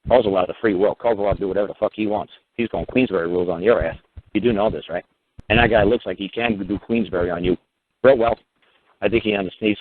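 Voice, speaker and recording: A rather low-voiced man tells a story in loose, conversational talk, blunt and heavy with profanity. His voice comes through a thin, phone-like line. He drives his points home with repeated asides. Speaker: common-law teacher. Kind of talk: casual storytelling talk on a radio call. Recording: phone-like narrow sound.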